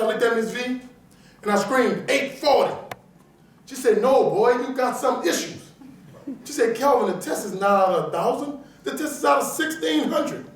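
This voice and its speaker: Lively New Orleans man in an echoey hall. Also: extremely high pitch. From New Orleans, USA. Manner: animated storyteller acting out characters. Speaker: motivational speaker. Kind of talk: storytelling keynote speech. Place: large auditorium. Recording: echoey auditorium from far off.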